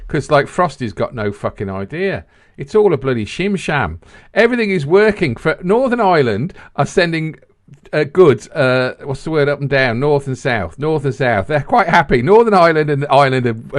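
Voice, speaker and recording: A man co-hosting a podcast in loose, animated, sweary chat that rambles from point to point. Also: medium pitch. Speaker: podcast co-host. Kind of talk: casual banter podcast.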